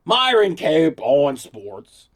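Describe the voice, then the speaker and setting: A man doing an impression of a loud older sportscaster with a thick Pittsburgh accent, heckling and drawing out his words. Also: on the high side, wildly swooping pitch, pitched above the performer's own voice, full character voice. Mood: announcing. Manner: brash, heckling, drawn-out.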